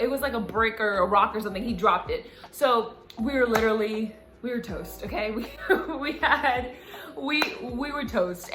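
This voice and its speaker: A young woman vlogger retelling a story in an animated, dramatic way. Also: fairly high pitch. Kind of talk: storytime vlog. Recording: echoey room, music.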